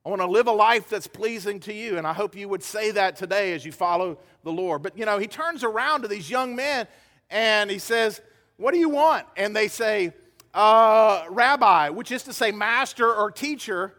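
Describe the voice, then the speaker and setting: A man's voice: high-pitched, moderate pace, sharp tone. A man preaching a sermon as pastor, emphatic and acting out the quoted dialogue. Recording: hall reverb.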